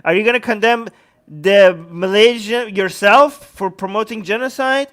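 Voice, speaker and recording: A man's voice: sits high, moderate pace, a bit bright. A man giving heated, profane political commentary as a co-host, ranting angrily and swearing often.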